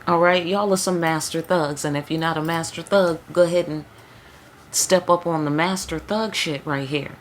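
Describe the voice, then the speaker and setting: A woman's voice: low voice, normal speed, slight background noise. A woman giving a casual spiritual tarot reading, talking loosely in slang, with frequent emphatic check-ins to her listeners. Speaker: tarot reader.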